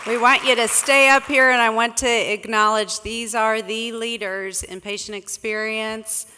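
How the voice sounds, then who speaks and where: A woman's voice: on the high side, fairly even intonation, a little slow, sharp tone, clean tone. A woman on stage presenting certificates at a conference, calling out names one by one with a few slips and restarts. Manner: calls out names and sites, some slips and restarts. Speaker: awards presenter. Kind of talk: slow announcing of names at a conference. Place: large conference hall with an audience. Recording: distant echoey hall, crowd murmur.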